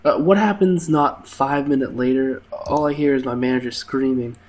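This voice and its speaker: A man's voice: medium pitch, normal speed, darkish tone. A young man hosting a gameplay video, casually telling funny stories from his waiter days, with lots of fillers and laughs. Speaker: gaming channel host telling work stories. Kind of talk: casual storytelling over gameplay.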